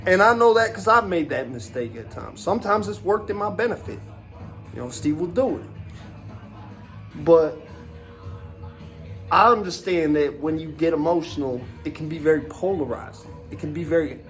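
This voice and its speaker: Animated profane man ranting. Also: a little high, normal speed, long pauses, soft background music. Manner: animated, profane, rambling with many fillers. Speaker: former wrestler. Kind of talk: casual podcast rant.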